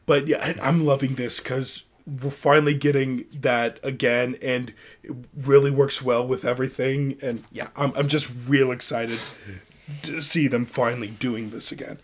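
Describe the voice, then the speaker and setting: Guy co-hosting a wrestling chat, lots of yeah yeah, average pitch, easygoing. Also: fairly even intonation. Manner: agreeable, lots of short yeahs, occasional quick retelling. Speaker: podcast co-host. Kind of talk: casual wrestling recap chat.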